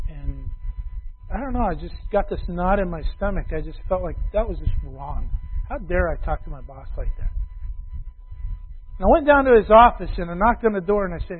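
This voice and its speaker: A man preaching a sermon, telling a confessional story and swinging between loud bursts and quiet asides. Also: high voice, very animated, fairly quick, husky. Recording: tinny phone-like radio broadcast.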